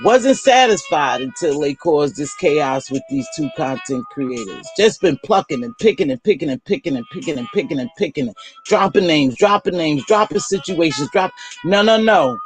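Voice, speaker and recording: A woman's voice: sits low, animated, normal speed, faint music behind. An older woman giving blunt, exasperated live commentary to her viewers. She uses casual slang and repeats words for emphasis. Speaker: online commentator.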